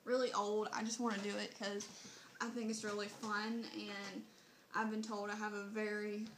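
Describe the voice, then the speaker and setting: A woman's voice: medium pitch, flat delivery, moderate pace, reverberant, background noise. A young woman from southern Mississippi with a Southern Mississippi accent, chatting casually in a vlog and reading word lists aloud, recorded on a phone. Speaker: vlogger.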